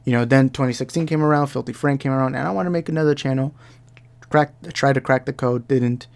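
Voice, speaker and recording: A man's voice: medium pitch, steady tone, fast talker, gravelly. A young man giving heated commentary, ranting and repeating himself as he talks. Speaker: commentary YouTuber. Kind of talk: angry reaction commentary.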